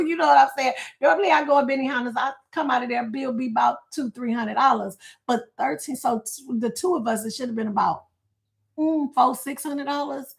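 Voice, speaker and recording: Gravelly, chatty middle-aged woman livestreaming. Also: a little high, fairly quick. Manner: chatty, reads viewer comments aloud, laughs often. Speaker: livestream host. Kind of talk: casual livestream chat.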